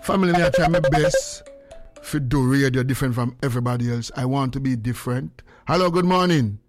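An older man from Jamaica with a Jamaican accent, hosting a morning radio show and chatting with callers in animated, laughing patois. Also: mid-range voice, brisk, soft background music. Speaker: radio host. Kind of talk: casual radio chat with callers.

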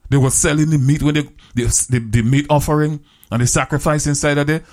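A man delivers a sermon, retelling a Bible story in plain English with a creole flavor, repeating phrases and quoting scripture slowly and at length. His voice sits a little high, and his intonation stays fairly even.

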